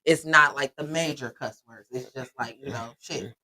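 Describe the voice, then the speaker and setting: A middle-aged woman chatting casually as a podcast co-host, blunt and animated, often laughing. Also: extremely low pitch, moderate pace. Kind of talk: casual chat.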